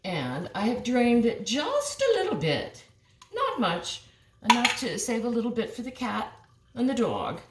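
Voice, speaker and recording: An older woman with a fairly high voice and huge pitch swings gives a chatty, encouraging cooking demo in her home kitchen, talking at a measured pace to viewers and her dog. The mic sits far off in the echoey kitchen, and dishes and pans clatter in the noisy background.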